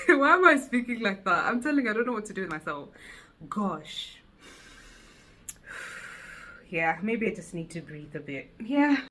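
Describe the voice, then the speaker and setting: A woman chatting casually to camera in a solo vlog, giggly and animated, seated indoors at home and picked up by the camera mic. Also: medium pitch, a little slow, long pauses. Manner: giggly, animated, self-teasing. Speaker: vlogger. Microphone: camera mic, no lapel.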